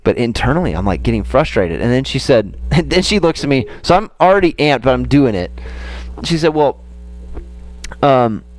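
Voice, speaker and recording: Animated man telling a story on a podcast. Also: medium pitch, brisk. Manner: animated storytelling, acting out his own frustration. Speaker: golf coach and podcast co-host. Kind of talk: casual podcast chat.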